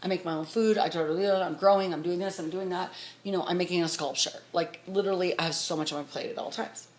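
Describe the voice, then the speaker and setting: A middle-aged woman telling a rambling story to her vlog audience, talking fast and excitedly. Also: on the low side. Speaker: vlogger. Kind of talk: casual storytelling to camera.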